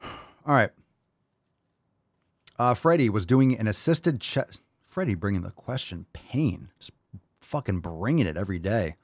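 A man's voice: lowish voice, animated, normal speed, darkish tone, no echo, clean studio sound. A man hosting a live question-and-answer show, reading viewer questions and answering in a hyped, jokey, profane way. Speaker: host.

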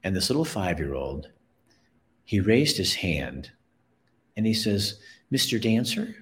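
A middle-aged man hosts his own show and tells a personal story in a slow, unhurried way. His voice is low and deep, earnest and emotional, and he often repeats himself as he goes. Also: very animated. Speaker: show host.

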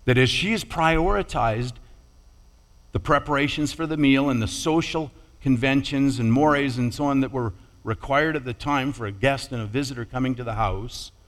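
A man preaching a sermon in a measured, deliberate way, pausing and restarting now and then. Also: medium pitch. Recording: long hall reverb.

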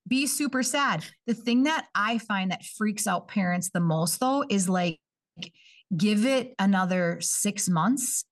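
A woman working in early childhood education, chatting casually on a podcast and acting out parents and kids in quick quoted voices. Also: medium pitch, recorded from a distance. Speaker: early childhood coordinator, guest.

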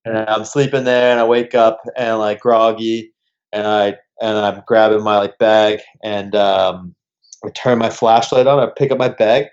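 A young man, a podcast guest, telling animated travel stories in casual chat and swearing freely. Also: on the low side, measured pace, clean tone. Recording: dull lo-fi recording.

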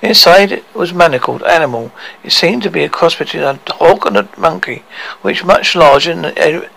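A man reading a story aloud in a halting way, often stopping to correct himself. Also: a little high, vocal fry, fairly bright tone, low-quality recording. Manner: halting, with frequent self-corrections. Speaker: narrator.

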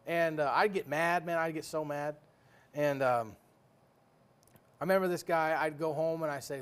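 A man's voice: a little high, fairly quick. A man preaching a sermon in a folksy, joking way, full of rhetorical questions.

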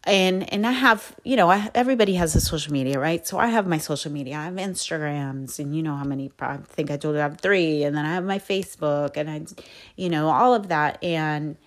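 A woman hosting a podcast, talking through her feelings in a candid, reflective monologue, soft-spoken and pausing often to find her words. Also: low-pitched. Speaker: podcast host.

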